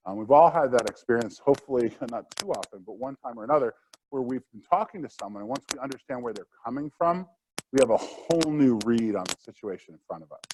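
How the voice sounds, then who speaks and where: A man's voice: medium pitch, expressive, quick pace, darkish tone, a little hiss or hum, poor audio. A middle-aged man presenting a live workshop lecture in a conversational way, with fillers and asides.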